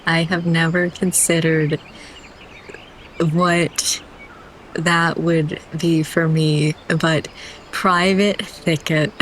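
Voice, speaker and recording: Young woman, lowish voice, reads game text aloud and keeps cracking up, faint hiss behind. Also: level tone, extremely slow, long pauses, fairly bright tone. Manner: giggly, breaks into laughter while reading. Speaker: game streamer. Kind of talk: reading game dialogue aloud in a playthrough.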